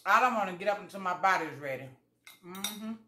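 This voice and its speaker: Animated and brisk, a woman vlogger with a medium-pitched, bright, forceful tone talks to viewers as she eats. The room is echoey, and she tells folksy stories while performing both sides of conversations.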